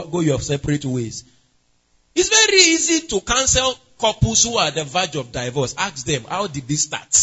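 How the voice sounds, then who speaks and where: A man's voice: sits high, sharp tone, muffled recording. A man preaching an interactive sermon, asking the congregation questions and calling on members by name. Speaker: pastor.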